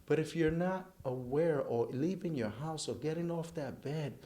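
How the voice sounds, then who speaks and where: A man's voice: on the high side, normal speed, mellow. A middle-aged man, a charity event chairman speaking earnestly in an interview and running through long lists.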